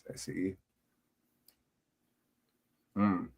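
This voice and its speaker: A man chatting as a guest on a livestream, laid-back and slangy, mostly agreeing. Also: very slow. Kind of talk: casual chat on a livestream.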